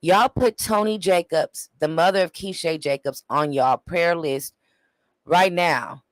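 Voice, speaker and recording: A man's voice: a little high, a little slow, no room sound, low-quality recording. A man in his forties hosting a show, making emotional, preacher-like appeals to his viewers. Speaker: show host. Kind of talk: livestream commentary.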